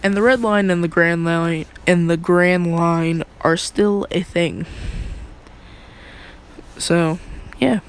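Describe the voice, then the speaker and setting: Male storyteller, casual and rambling; slow, unhurried delivery with a slight fry. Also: a little high, steady tone, a little hiss or hum, low-quality recording. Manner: rambling, filler-heavy, offhand asides. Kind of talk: casual spoken fan story.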